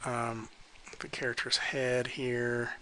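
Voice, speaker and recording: Male art teacher, bright voice, casual halting critique. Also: mid-range voice, slight background noise, poor audio. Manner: relaxed, hesitant, many ums and likes. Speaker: art instructor giving pose feedback. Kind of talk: casual critique while sketching.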